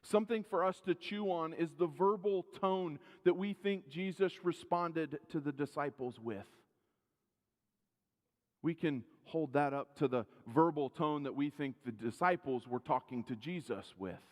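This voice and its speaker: Male pastor, earnest sermon delivery, fairly high voice, questions the congregation, long church reverb. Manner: earnest, rising louder for emphasis, then dropping low and quiet; asks the congregation direct questions. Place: church sanctuary.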